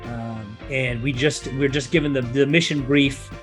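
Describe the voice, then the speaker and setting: A man with a nasal voice co-hosting a casual movie-review podcast, riffing in animated, jokey rants. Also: medium pitch, moderate pace, faint music behind. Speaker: podcast co-host.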